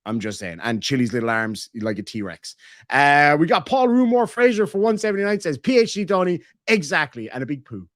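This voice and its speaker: A man's voice: on the high side, sing-song, brisk, fairly bright tone, no room sound, studio quality. An Irish man hosting a casual stream, reading member messages aloud in a joking, crude, rambling way. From Ireland. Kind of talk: casual reaction stream chat.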